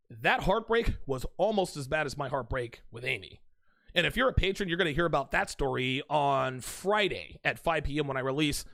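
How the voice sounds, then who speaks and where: A man hosts his own advice channel in a blunt, chatty monologue, calling his viewers guys and dude. His voice sits a little high and swings widely in pitch, with a gravelly fry. The sound is dry and close. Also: a bit bright, no echo. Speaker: host of a dating-advice channel. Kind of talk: casual straight-to-camera monologue.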